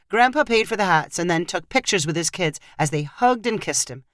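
A woman narrating a short story in a measured, even read. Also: on the low side, no room sound, studio quality. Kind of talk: scripted narration.

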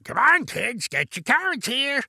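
A man voicing Carrot Man, a goofy male character with an exaggerated raspy growl, drawn out slowly in a weird sing-song way. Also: very high-pitched, wildly swooping pitch, bright, forceful tone, no echo, studio quality, voice pushed up, full character voice.

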